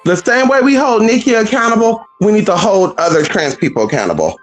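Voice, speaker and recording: A woman's voice: mid-range voice, animated, brisk, faint music behind, rough recording. A woman giving a sassy, blunt and profane vlog monologue, calling listeners honey and girl and talking back to imagined critics. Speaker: vlogger. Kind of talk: casual opinionated monologue.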